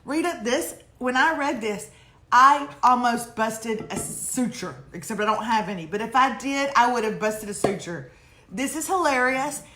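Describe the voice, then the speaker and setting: A middle-aged woman talks through viewer emails in a joking, animated way. Her voice sits a little high. The room has a noticeable echo. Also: normal speed. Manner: animated, joking, laughing, teasing. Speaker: host. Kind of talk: casual live chat reading viewer emails. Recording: echoey room.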